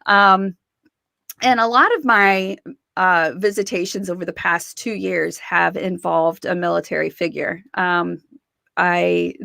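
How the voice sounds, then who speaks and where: A woman, a guest in an interview, telling her story in a lively way and acting out the voices of people she quotes. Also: on the low side, a little slow, gravelly, no room sound, clean studio sound. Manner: animated, acts out quoted voices, laughs often.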